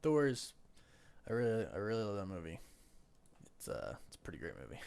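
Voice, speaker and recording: Man, weak gravelly voice, unhurried, lively swings in pitch, chatty live-stream host at home. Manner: chatty, greets viewers by name, hums to himself. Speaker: livestream host. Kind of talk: casual live-stream chat. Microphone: desk microphone.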